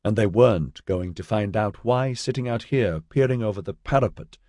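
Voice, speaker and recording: A man narrating an audiobook in a measured storytelling manner, voicing all the characters. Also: lowish voice, dark tone, no echo, clean studio sound. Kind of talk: scripted narration.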